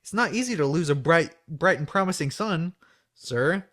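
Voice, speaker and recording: A man's voice: fairly high pitch, lively intonation, moderate pace, a bit bright. Ship doctor, dry, needling; man reads it. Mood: teasing.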